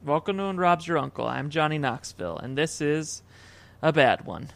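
A brash stunt-show host, as a man jokes it out rattles off a mock-grand intro. The voice is fairly high for a man and has a gravelly edge. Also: animated, normal speed.

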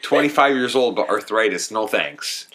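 A man's voice: lowish voice, lively intonation, normal speed, fairly bright tone. A man co-hosting a casual chat, teasing and joking in banter.

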